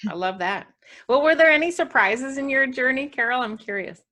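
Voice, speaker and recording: A woman hosting a podcast, chatting in a bubbly, animated way and asking her guest questions. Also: sits high, brisk. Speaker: podcast host. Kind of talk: casual interview talk.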